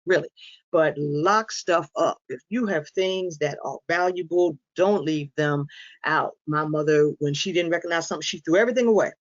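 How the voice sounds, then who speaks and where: A woman addresses an audience in a frank, humorous presenting style, telling stories and acting out what people said. Her delivery is lively and conversational. The recording is dull and lo-fi, like a captured live talk. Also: low-pitched, normal speed. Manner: lively storyteller who acts out quoted lines. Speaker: inspirational speaker on dementia caregiving.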